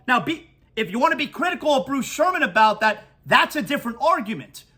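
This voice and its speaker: A man's voice: very high-pitched, sharp tone. A man hosting a sports talk show, ranting emphatically and reading live ads. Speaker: sports radio host.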